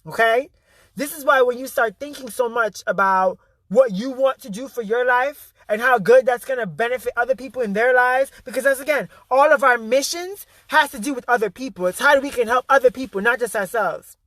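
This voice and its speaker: An intense man preaches a motivational vlog monologue in a high, bright, forceful voice. He swears freely and hammers his key phrases again and again. The sound is close and dry. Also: fairly quick, dry recording. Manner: intense, emphatic and profane, repeating key phrases. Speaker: spiritual motivational speaker.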